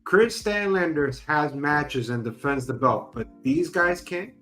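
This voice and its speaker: A man's voice: on the high side, unhurried, sharp tone, faint music behind. A man co-hosting a wrestling podcast, giving blunt, critical opinions and repeating his points. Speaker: podcast co-host. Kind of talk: casual chat.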